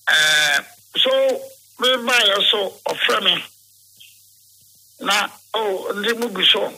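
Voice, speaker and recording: A Ghanaian man with a very bright, slightly husky voice tells a long, rambling account in an interview. He mixes English and Twi and slips into the voices of the people he quotes. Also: high voice, low-quality recording. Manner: rambling, switches between English and Twi, acts out quoted dialogue.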